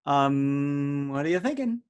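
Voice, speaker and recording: Quiz host, male, slightly higher voice, jokey and teasing, heard over a video call. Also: expressive, slow, clean tone. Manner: joking, teasing, chatty. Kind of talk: hosting a live online word quiz. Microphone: video call audio.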